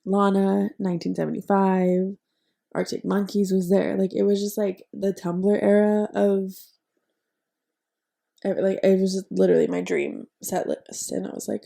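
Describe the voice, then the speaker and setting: A woman's voice: mid-range voice, little pitch movement, moderate pace, gravelly, dark tone. A young woman co-hosting a podcast, chatting casually with lots of "like" fillers and casual swearing. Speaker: podcast co-host. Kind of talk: casual chat.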